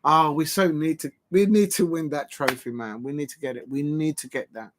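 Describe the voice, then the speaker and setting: A man chats through a relaxed live stream in a voice pitched a touch high. He rambles from one thought to the next with jokes and cheerful mock grumbling. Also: moderate pace, a little hiss or hum. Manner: rambling, jokey, prone to mock moaning. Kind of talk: casual live-stream chat.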